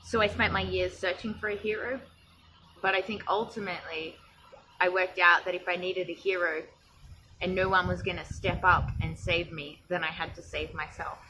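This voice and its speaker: A woman's voice: fairly low pitch, level tone, normal speed, noisy background. Candid Australian woman by a pool. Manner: candid, reflective, with frequent restarts and fillers. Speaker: vlogger. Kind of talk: casual personal talk to camera. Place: in a swimming pool outdoors.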